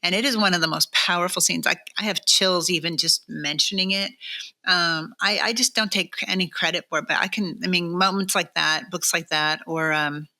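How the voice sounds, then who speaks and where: A middle-aged woman, a novelist being interviewed, telling stories in an animated way and laughing often. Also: fairly low pitch, moderate pace. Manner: animated, laughs often, acts out quoted voices. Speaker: novelist guest. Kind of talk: conversational interview storytelling. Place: church studio.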